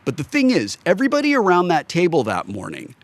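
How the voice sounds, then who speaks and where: Animated man telling a story. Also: high voice, fast, no echo. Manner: animated storyteller who laughs through his stories. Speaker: podcast guest, actor. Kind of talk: casual chat, anecdote telling.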